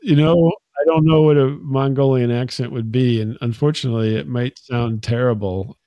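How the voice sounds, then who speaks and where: A man's voice: medium pitch, moderate pace, warm tone, no echo, muffled recording. A man co-hosting a podcast in casual chat, playful and joking. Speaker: podcast co-host.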